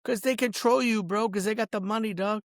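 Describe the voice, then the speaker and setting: A man's voice: high voice, fairly even intonation, fairly quick, dry recording, studio quality. A man delivering an angry, profane rant outdoors, addressing people directly and peppering his speech with "bro" and "dog". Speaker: host. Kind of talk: angry ranting monologue.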